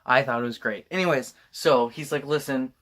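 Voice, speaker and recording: A man's voice: mid-range voice, fairly quick, pushed and bright. A tipsy man rambling through a movie recap and acting out lines in silly voices. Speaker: host.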